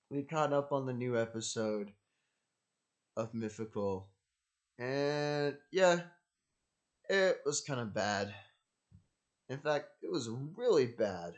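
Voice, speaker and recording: A male channel host talks slowly and loosely, circling back to the same phrases. His tone is joking and digressive, and he often wanders off on side remarks. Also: mid-range voice. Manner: repetitive, jokey, digressive. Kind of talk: casual rambling solo talk.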